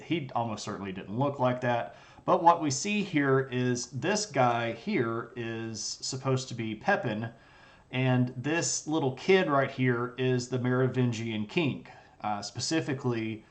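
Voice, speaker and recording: A man with blocked sinuses giving a casual, chatty live-streamed history lecture with jokes and fillers. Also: mid-range voice. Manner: chatty, jokey, many fillers.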